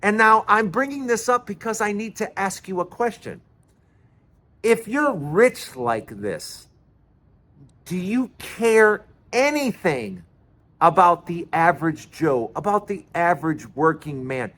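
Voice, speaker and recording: A high-voiced man talks straight to his viewers. He tells the story in a loose, chatty way, laughing along and tripping over his words. It sounds like unscripted commentary. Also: lively intonation, slow pace, a bit bright.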